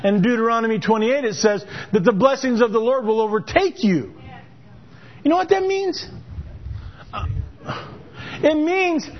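A man with a very high voice preaches a sermon, telling a story as if chatting with the congregation. He stumbles and restarts often, repeating words as he goes. The recording is dull and lo-fi. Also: lively intonation, normal speed, pauses often. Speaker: pastor.

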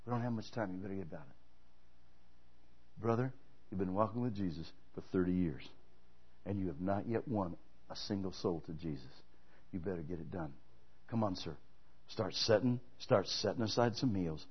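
A man's voice: low voice, normal speed, pauses often, husky, highs cut off. A male pastor preaching a sermon, telling stories and emphatically urging his congregation to act. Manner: emphatic, exhorting, storytelling preacher.

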